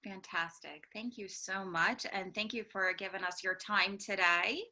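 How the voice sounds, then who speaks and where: A woman's voice: mid-range voice, steady tone, a little slow, sharp tone. A woman hosting a casual interview, affirming and encouraging her guest. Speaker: interviewer, host.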